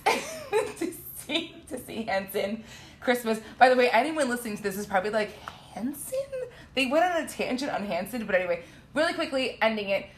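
Lively, laughing woman in her thirties. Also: fairly high pitch, a little fast, slight background noise. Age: 30s. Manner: animated storyteller, laughs a lot. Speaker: podcast guest. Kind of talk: casual chat.

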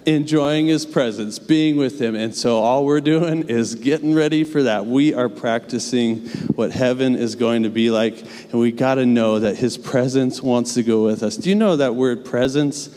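A man's voice: medium pitch, moderate pace, mellow. A young adult man preaching a sermon in a church, earnest and conversational, with casual asides. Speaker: pastor. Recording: long church reverb.

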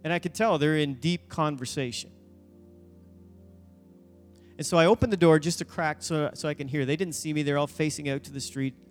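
A man's voice: on the high side, a little fast, pauses often, long reverb tail, faint music behind. A man preaching a sermon as a youth pastor, telling a story animatedly and acting out the voices of the people in it.

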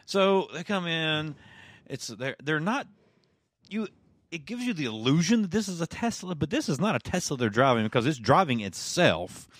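A man co-hosting a podcast in casual chat, calmly walking through a film's plot. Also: a little high, normal speed, no echo. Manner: laid-back, recounting plot. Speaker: podcast co-host.

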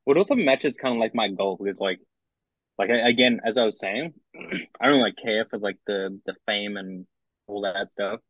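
A young Australian musician being interviewed, talking casually and hesitantly, with many restarts and fillers. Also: male voice, on the low side, moderate pace, no room sound. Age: young adult. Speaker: musician guest. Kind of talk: casual chat. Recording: dull, lo-fi dry recording.

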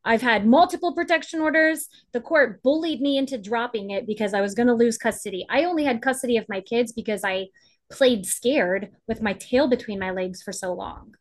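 A woman's voice: fairly high pitch, brisk. A woman advocate speaking as a guest on a podcast, talking with passion and emphasis, often acting out what others said. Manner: impassioned, emphatic, acts out quotes. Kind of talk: podcast interview.

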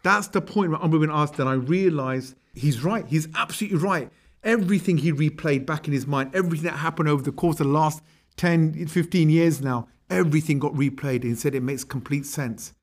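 A man's voice: on the high side, a little fast. A man giving a storytelling religious history lecture, conversational and acting out quotes. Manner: lively, conversational, acts out quotes.

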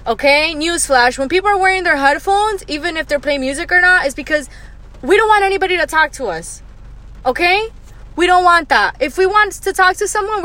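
A young woman with a fairly high voice hosts a casual solo rant. She tells her story bluntly and profanely in an exasperated tone. She races through some lines and drops into low, muttered asides on others. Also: bright, forceful tone. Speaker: podcast host.

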